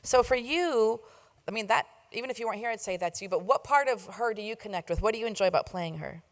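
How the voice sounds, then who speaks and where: A woman's voice: a little high, expressive, fast talker. A sleep-deprived woman moderating a convention panel, gushing and laughing often.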